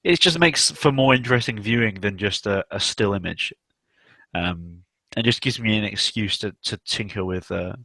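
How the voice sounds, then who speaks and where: A low-pitched man with a gravelly edge hosts a loose online chat. He rambles from thought to thought, laughs easily and swears without care. His voice sits close and dry. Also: moderate pace, sharp tone, dry recording. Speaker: hangout host. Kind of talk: casual chat.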